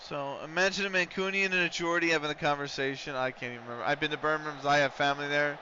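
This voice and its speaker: A man's voice: a little high, fairly even intonation, rapid-fire, sharp tone, slight background noise. A man live-streaming a football management game, rambling in casual banter between play-by-play calls of the action. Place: lives in the United States. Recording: dull lo-fi stream audio.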